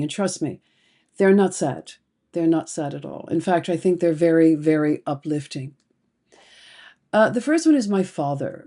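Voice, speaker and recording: Middle-aged woman therapist, low mellow voice, unhurried and heartfelt delivery, reflective talk to camera. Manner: slow, deliberate, emotional storytelling.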